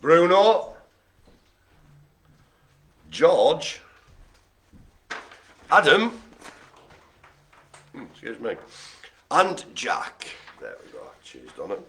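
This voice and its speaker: A man hosting a live bingo game with a chatty, joking manner. His fairly high voice swings up and down a lot. The tone is bright and lively. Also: extremely slow, long pauses. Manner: jokey, chatty, playful asides. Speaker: bingo host. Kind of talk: live-streamed bingo calling.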